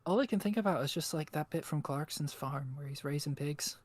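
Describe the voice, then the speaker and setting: A man's voice: a little high, brisk. A man co-hosting a live stream, chatting playfully and riffing with exaggerated jokes. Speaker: streamer co-host. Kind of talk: casual live-stream chat.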